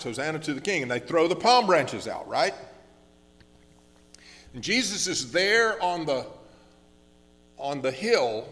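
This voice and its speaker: A man preaching a sermon as pastor, earnest and slowing down on key words, with frequent restarts. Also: fairly high pitch, fairly bright tone, long reverb tail. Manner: earnest, slows down for emphasis with many restarts.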